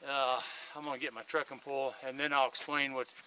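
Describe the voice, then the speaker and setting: Man, hiking vlog, outdoors, handheld camera, very bright voice, rambling chatty storytelling. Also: mid-range voice, level tone, fairly quick, a little hiss or hum. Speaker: hiker vlogging his thru-hike. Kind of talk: casual trail vlog storytelling. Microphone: handheld video camera.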